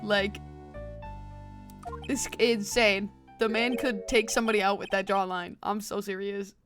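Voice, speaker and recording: A woman's voice: medium pitch, little pitch movement, unhurried, a bit bright. Young female streamer, casual slangy commentary, faint music bed. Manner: chatty slang, lots of "like" and laughs.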